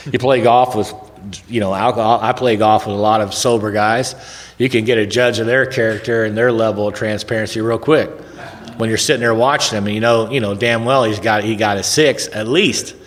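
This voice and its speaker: A man's voice: fairly low pitch, steady tone, fairly quick. Folksy man in an echoey hall. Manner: folksy, rambling, conversational, drops in "man" and "right?". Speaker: recovery speaker. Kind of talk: storytelling talk at a recovery event. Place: large hall at a recovery event. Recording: long reverb of a big hall.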